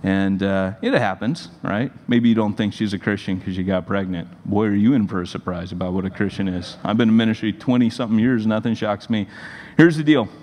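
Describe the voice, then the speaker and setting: A man in his forties, a pastor, giving a sermon in a conversational, animated storytelling manner. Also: lowish voice, fairly quick. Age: 40s. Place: church sanctuary. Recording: long reverb of a large hall.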